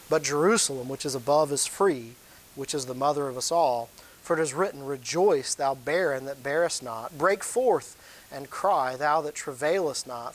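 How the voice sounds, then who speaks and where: A man preaching a sermon in a church, talking loosely and warmly to the congregation, with sudden loud rises in his voice. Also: fairly high pitch, rough recording. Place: church sanctuary.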